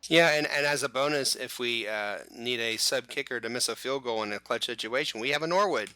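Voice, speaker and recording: A man's voice: medium pitch, fairly quick, sharp tone, no echo. A man hosting a casual sports podcast, leading the chat with jokey asides. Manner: leads the talk, jokey asides. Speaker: podcast host.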